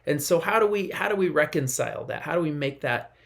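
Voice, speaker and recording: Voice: medium pitch, animated, fast talker, vocal fry, fairly bright tone. A pastor and parent giving a short devotional message in an earnest, conversational way, sometimes acting out quotes in a raised voice. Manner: parent sharing a family example.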